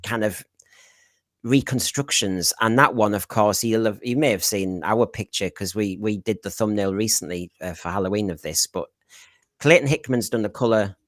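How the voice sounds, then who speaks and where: A man's voice: fairly low pitch, moderate pace, dry recording, clean studio sound. A man hosting a podcast in casual chat, rambling and correcting himself as he goes. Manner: rambling, chatty, self-correcting. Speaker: podcast host.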